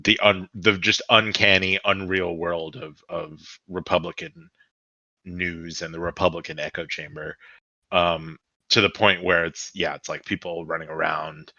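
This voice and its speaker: A man's voice: deep voice, fairly even intonation, unhurried, pushed and bright, dry recording, lo-fi sound. A man co-hosting a podcast in casual political chat, sarcastic and rambling. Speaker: podcast co-host.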